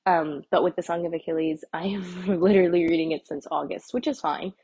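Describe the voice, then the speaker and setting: Young woman with a husky, gravelly voice. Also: fairly low pitch, fairly quick, warm tone. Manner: rambling, chatty, many fillers and restarts. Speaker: podcast host. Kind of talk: casual solo podcast chat. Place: walking indoors. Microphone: earbud microphone.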